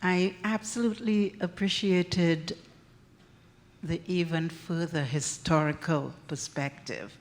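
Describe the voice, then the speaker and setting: A woman from Canada in the audience asking a question, polite, appreciative and a little halting. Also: lowish voice, steady tone. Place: conference hall.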